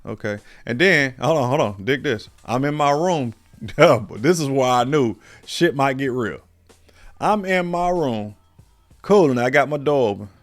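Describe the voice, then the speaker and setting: A man spins a comic story on a podcast in loose, profane chat, his voice shooting up when he quotes himself. His pitch sits at a middling level. Faint music plays behind him. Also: moderate pace. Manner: animated, profane, jumps to high pitch when quoting himself. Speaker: podcast co-host.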